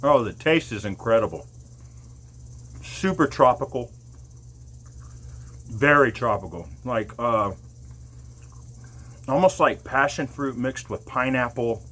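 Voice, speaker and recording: A man vlogging casually to the camera while his mouth burns, eyes watering and nose running, talking slowly and breaking into loud whoops. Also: medium pitch, expressive.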